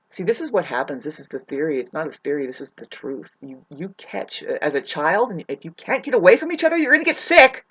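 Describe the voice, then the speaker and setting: A woman talking straight to her viewers in a rambling, profane rant. Her voice swings widely up and down, and she often stops mid-sentence, restarts and calls her listeners "babe". Her pitch sits in an ordinary middle range. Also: dull audio. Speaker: vlogger. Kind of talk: rambling spoken rant to camera.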